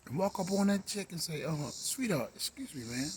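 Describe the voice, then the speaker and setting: Pitched on the high side, this middle-aged Maryland man's voice is expressive and unhurried at a normal pace, with slight background noise. He hosts his own show in a rambling monologue, drawling, humming, and now and then whispering.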